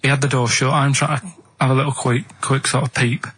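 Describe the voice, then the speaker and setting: Male radio co-host, husky, grumbling complaint in casual studio banter. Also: mid-range voice, little pitch movement, brisk, a bit bright. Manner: grumbling, complaining about a workman.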